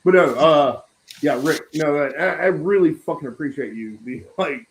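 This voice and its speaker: A man's voice: a little high, normal speed, a little hiss or hum, poor audio. A man hosting a casual talk stream, swearing often and laughing as he tells stories. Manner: profane, laughs often, animated storytelling. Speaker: podcast host. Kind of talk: casual chat.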